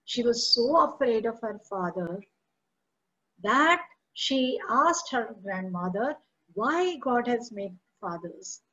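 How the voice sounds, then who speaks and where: A woman's voice: a little high, expressive, slow, fairly bright tone, dull audio. A woman teacher with an Indian English accent explaining a school chapter line by line in an online class, mixing in Hindi. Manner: patient, explains each line, switches between English and Hindi.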